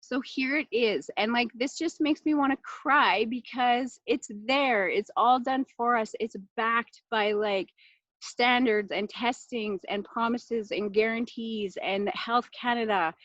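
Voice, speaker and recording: A woman leads a casual live class in a chatty, heartfelt way, full of fillers and sudden bursts of excitement. Her voice sits a little high. It comes through a laptop mic, dry and somewhat dull. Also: a little slow, dry recording. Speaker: class host presenting essential oils.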